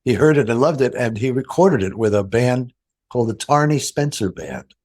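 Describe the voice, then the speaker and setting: A man's voice: medium pitch, animated, moderate pace, darkish tone. An older man, a guitarist guest, telling anecdotes in an interview, acting out quoted dialogue and laughing often. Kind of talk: storytelling interview.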